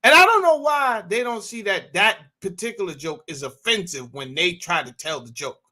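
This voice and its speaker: A man's voice: high-pitched, animated, normal speed, sharp tone. A man in his thirties hosting a casual chat, telling loose stories and bantering with his audience. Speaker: host.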